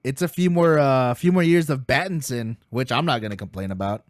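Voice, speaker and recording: A man co-hosting a casual wrestling podcast, telling stories excitedly, swearing freely and laughing as he goes. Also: medium pitch, brisk, no echo, studio quality. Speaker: podcast co-host.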